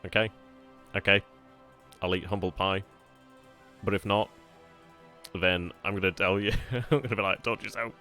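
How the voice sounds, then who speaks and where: A low-pitched man talking casually as the host of a strategy gaming channel. He is chatty and informal, with the odd bit of swearing. Soft music plays faintly underneath. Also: fairly even intonation, moderate pace, pauses often. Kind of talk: casual video outro chat.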